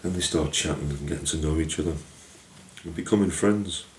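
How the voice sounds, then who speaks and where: A man telling a folk tale in a lively, homely storytelling way. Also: very deep voice, brisk, slight background noise. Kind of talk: storytelling narration. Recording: echoey room, distant mic.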